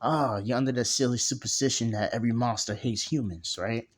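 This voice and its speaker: A man's voice: mid-range voice, fairly even intonation, a little fast, close to an everyday voice. A man voicing a huge ancient male monster who is cocky and teasing, with a mocking way of talking in a storybook retelling. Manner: mocking, calls him kid.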